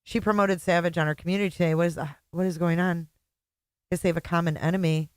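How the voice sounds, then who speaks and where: A woman's voice: on the low side, steady tone, fast talker, no room sound, clean studio sound. A woman hosting a livestream, chatting casually, sarcastic and mocking, often laughing. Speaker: livestream host.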